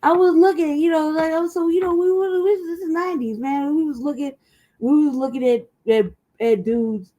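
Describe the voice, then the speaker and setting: A woman's voice: high voice, fairly even intonation, moderate pace, warm tone. A woman from the American South co-hosting a podcast, telling stories in casual, profane chat and laughing often. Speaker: podcast co-host.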